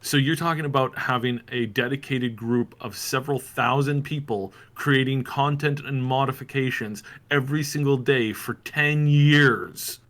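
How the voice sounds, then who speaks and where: A man's voice: mid-range voice, fairly even intonation, normal speed, hardly any pauses, a bit bright. Sarcastic ranting male podcast host. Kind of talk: casual podcast chat.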